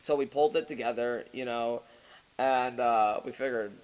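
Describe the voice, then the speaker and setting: A man's voice: medium pitch, brisk, poor audio. A young man, a podcast co-host, telling a long story in casual, profane chat and often laughing as he goes.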